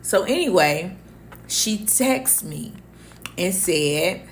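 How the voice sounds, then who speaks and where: A woman's voice: lowish voice, extremely slow, a little hiss or hum. A woman telling a candid storytime monologue, acting out the dialogue as she goes. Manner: candid, animated, acts out quoted dialogue. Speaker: storyteller vlogger.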